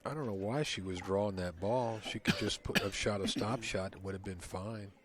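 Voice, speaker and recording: A man giving low, calm play-by-play commentary on a pool match, recorded in a casino event hall. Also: moderate pace.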